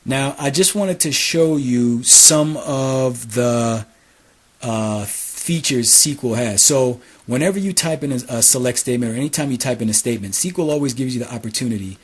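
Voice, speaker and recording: A man teaching a hands-on database lesson over a screen recording, repeating key phrases and dictating commands slowly as he types. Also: mid-range voice, breathy edge. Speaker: SQL instructor.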